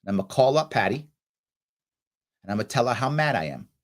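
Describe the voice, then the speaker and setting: Animated middle-aged male talk show host. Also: medium pitch, fast. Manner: animated, acts out quoted voices, emphatic. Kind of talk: motivational talk show monologue.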